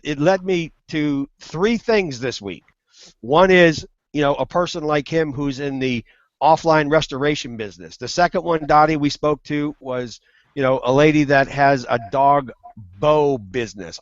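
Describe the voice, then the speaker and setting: Animated man telling a story on a call. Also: on the high side, no echo, lo-fi sound. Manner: animated storyteller, laughs at own jokes. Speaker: guest. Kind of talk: casual storytelling. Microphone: video call.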